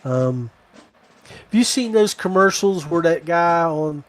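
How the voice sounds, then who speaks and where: A man's voice: on the high side, animated, slow pace. A middle-aged man from Virginia, hosting a podcast and telling a rambling, digressive story. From West Virginia. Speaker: podcast host. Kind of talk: casual storytelling.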